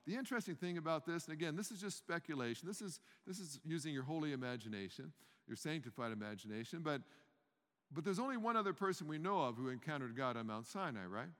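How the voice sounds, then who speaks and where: A man's voice: medium pitch, a bit bright. A man preaches a sermon in an easy, conversational way, stopping to ask his listeners questions and circling back over his own words. His voice sits in the middle range. The sound carries the long reverb of a large hall. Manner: conversational, restarts, rhetorical questions to the congregation.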